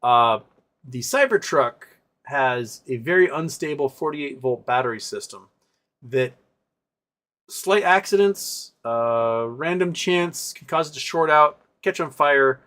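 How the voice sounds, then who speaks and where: A man's voice: mid-range voice, animated, slow, a bit bright. Sarcastic rambling man. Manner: sarcastic, rambling with many fillers and restarts. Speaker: livestream host. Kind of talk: casual live chat reading viewer comments.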